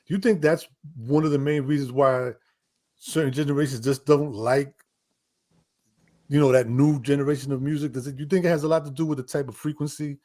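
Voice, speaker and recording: A man's voice: on the high side, fairly even intonation, brisk, mellow. A man hosting a casual interview, agreeable and curious, often answering "right, right".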